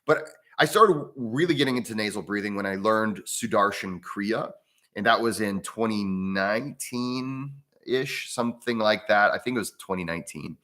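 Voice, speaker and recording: An American man with a lowish, fairly bright voice hosts a casual breathwork livestream at a moderate pace. He rambles and restarts often, reading viewer comments aloud and chatting with the people watching.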